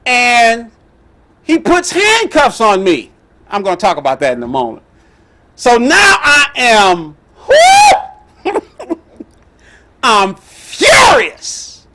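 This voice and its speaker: A middle-aged man telling a personal story as the host, animated and emphatic. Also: very high voice, slow, pauses often. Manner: animated, emphatic, with laughs and outbursts.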